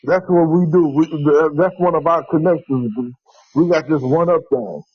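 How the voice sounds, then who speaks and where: A man's voice: a little high, fairly even intonation, moderate pace, breathy edge, no room sound, muffled recording. A middle-aged man from Chicago telling a personal story in an interview, in an earnest way, with many restarts. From West side of Chicago. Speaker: interviewee, tradesman.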